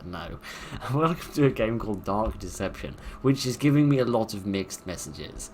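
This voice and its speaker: A deep-voiced British man commentating on a horror game. He is wry and sarcastic and rambles through his jokes. There is a faint hiss of noise behind him. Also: animated, normal speed, few pauses. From Britain. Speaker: let's-play host. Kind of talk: casual gameplay commentary.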